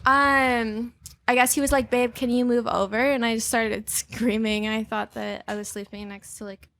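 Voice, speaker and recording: A woman's voice: fairly high pitch, little pitch movement, a little slow, vocal fry, sharp tone, slight background noise. A woman guest telling anecdotes on a podcast, laughing through her stories. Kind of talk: casual podcast chat.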